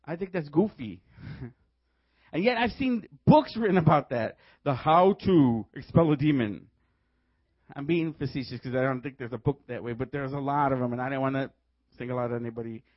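A man preaching a sermon, telling stories in a lively way and laughing often as he goes. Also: medium pitch, moderate pace, no room sound, highs cut off. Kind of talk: sermon with storytelling.

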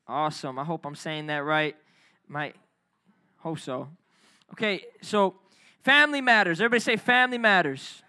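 High-pitched, lively youth pastor. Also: male voice, moderate pace, smooth. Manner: energetic, calls for crowd responses. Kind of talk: youth sermon. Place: church youth service.

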